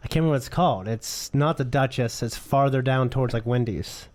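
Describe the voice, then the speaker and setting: A man co-hosting a podcast, rambling through a casual story in a relaxed chat. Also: medium pitch, brisk. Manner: rambling, unsure directions. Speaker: podcast co-host.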